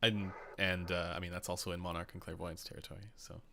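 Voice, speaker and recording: Young Canadian host, low gravelly voice with a bright edge, chatty live-stream talk. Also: male voice, flat delivery, fast talker, a little hiss or hum. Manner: chatty, laughs often, many fillers. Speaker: podcast host. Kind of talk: casual live-stream chat.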